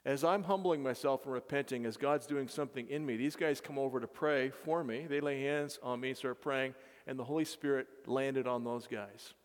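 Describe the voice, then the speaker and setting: A man who leads mission work, telling his story to a congregation earnestly, with halting restarts. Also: mid-range voice. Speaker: mission leader. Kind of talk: testimony to a congregation. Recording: reverberant hall.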